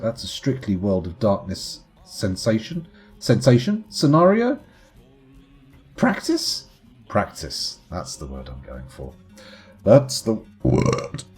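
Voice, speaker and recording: Guy chatting over his game stream, husky mellow voice, bouncy pitch. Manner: playful, chatty, self-mocking. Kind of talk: live gameplay commentary.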